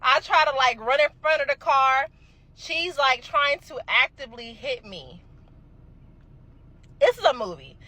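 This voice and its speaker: A young adult woman telling a casual storytime, animated and emphatic, swearing freely. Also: sits high, unhurried, pauses often, dry recording, rough recording.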